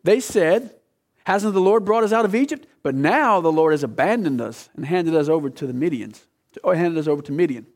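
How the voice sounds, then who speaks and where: A man preaching a sermon, earnest, quoting scripture in a raised voice and dropping low to press a point. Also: animated, a little fast, a little mellow. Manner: earnest, voice climbing high when quoting, dropping low to drive points home. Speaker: pastor.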